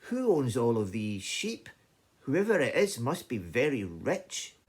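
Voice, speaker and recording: A man's voice: medium pitch, huge pitch swings, unhurried, breathy edge, pitched above the performer's own voice, heavily acted. A Scottish man voicing a curious young farm lad in a told folk tale, eager and full of questions. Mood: astonished. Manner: eager, wide-eyed questioning. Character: boastful young male farmer's son, curious. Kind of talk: oral storytelling.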